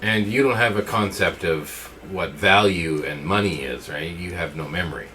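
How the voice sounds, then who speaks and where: A man's voice: low voice, moderate pace, crowd noise. A man playing a tabletop game with friends, joking but practical. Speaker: player. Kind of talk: casual tabletop game chat.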